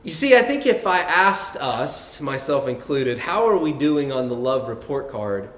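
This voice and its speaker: A man's voice: mid-range voice, very animated, a little slow, fairly bright tone, roomy sound. A man preaching a sermon in a conversational way, often repeating words and checking in with the listeners. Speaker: pastor.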